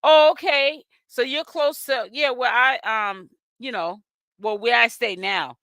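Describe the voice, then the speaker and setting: Reading viewers' chat aloud during a live stream, this Boston-accented gossip host keeps things sassy and chatty, drawing out her exclamations. She comes from Boston, Massachusetts, and runs a celebrity gossip channel. Her voice is medium-pitched and sharp, and the sound is clean studio audio with no echo.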